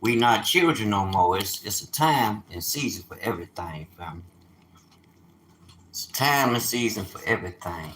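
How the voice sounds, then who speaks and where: A man in his fifties telling stories on a casual livestream, animated and streetwise, with sudden loud outbursts. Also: fairly low pitch, moderate pace, reverberant, slight background noise, poor audio. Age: 50s. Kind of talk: casual storytelling.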